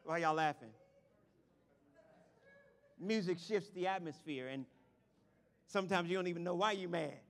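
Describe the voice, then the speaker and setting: A man preaching a lively sermon to his congregation, swinging from shouts to quiet asides. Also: sits high, moderate pace, vocal fry, long pauses. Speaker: pastor. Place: church sanctuary. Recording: long hall reverb.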